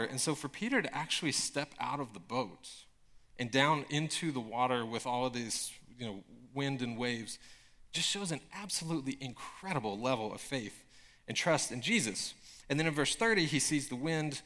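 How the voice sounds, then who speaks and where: A man preaching a sermon in a casual, conversational way, with frequent filler words and emphatic bursts of excitement. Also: medium pitch, unhurried. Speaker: pastor.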